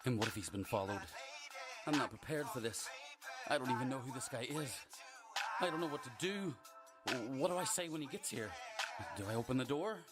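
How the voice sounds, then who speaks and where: A frantic, swearing man in a video game, voiced by an actor, whisper-shouting in fear. His pitch leaps all over the place, and loud music plays behind him. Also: lively intonation, fairly quick, natural voice. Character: panicked man hiding from a killer.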